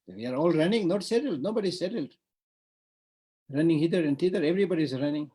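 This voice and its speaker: A man's voice: on the high side, expressive, fast, mellow, slightly rough, rough recording. A man with a Tibetan accent giving an online Buddhist teaching, talking in a discursive way with repeated words and frequent "you know".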